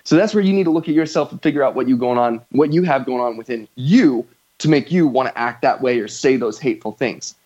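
A man's voice: medium pitch, quick pace, a little mellow, highs cut off. A man hosting a podcast in casual conversation, talking earnestly and rambling, with frequent fillers and affirmations. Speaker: podcast host.

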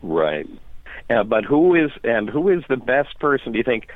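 A man's voice: mid-range voice, big pitch swings, normal speed, dry recording. A friendly male caller on a phone line. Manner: friendly, polite, laughs easily. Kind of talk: radio call-in. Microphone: telephone.

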